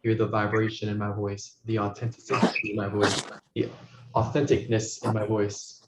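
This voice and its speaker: Soft-spoken man guiding a meditation. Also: fairly low pitch, monotone. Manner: soft-spoken, slow, repetitive guidance, often dropping to a hush. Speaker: spiritual teacher. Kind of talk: guided meditation teaching. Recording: roomy, dull recording with faint noise.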